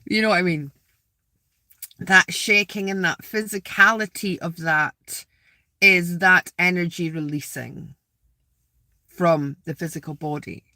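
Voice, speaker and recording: Bright-voiced spiritual vlogger, talking outdoors. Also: mid-range voice, takes it slowly, pauses often, no room sound, studio quality. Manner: rambling, repeats words, asks viewers directly. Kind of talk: casual spiritual talk to viewers. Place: outdoors, sitting in a graveyard.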